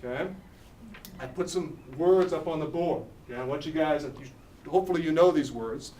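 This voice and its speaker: A man's voice: a little high, moderate pace, dark tone. A man with a Philadelphia accent teaching a class, constantly asking "okay?" and "right?" as he goes. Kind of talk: classroom lesson. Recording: echoey classroom, mic far off, faint room noise.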